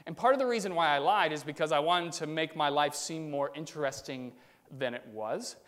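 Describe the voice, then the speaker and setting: A man's voice: on the high side, a little fast, a bit bright. A male pastor preaching in a conversational way, asking the congregation questions directly. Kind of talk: sermon. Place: church sanctuary. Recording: long church hall reverb.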